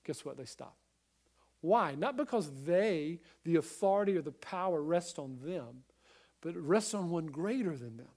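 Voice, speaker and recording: A male pastor preaching a sermon in an earnest, emphatic way, speaking straight to listeners at home and swinging between quiet and loud. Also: sits high. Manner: addresses listeners at home directly.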